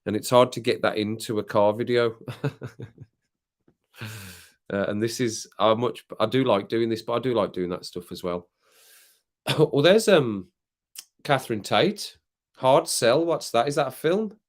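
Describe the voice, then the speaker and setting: A relaxed British man hosts a late-night live stream and talks easily to the viewers in the chat. He rambles, laughs a lot and reads their comments out loud between sips of rum, with a cough now and then. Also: mid-range voice, measured pace, pauses often. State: drinking rum, occasional coughs.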